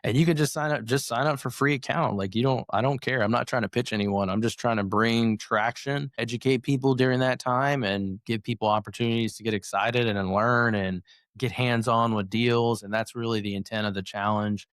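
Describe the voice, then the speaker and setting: A man guest on a podcast, chatting casually and rambling a bit as he explains his software. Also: medium pitch, a little fast, dry recording, clean studio sound. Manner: relaxed, rambling, self-correcting. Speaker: podcast guest, real estate investor. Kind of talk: casual interview chat.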